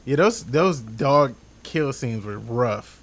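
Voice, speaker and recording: A man co-hosting a podcast in casual chat, relaxed and hesitant, with many fillers and restarts. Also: mid-range voice, takes it slowly. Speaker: podcast co-host.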